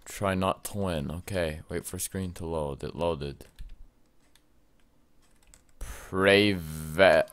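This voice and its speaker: A young man commenting on his gameplay, excitable and often shouting at the game with mild swearing. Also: deep voice, slow, long pauses, clean tone. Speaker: let's play gamer.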